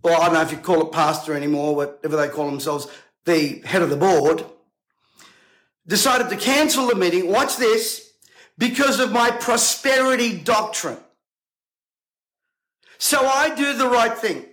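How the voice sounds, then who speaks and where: An indignant male preacher with a strikingly high voice. He speaks to camera in a bright, forceful tone and keeps firing off rhetorical questions. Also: moderate pace, pauses often, rough recording. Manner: emphatic, combative, rhetorical questions.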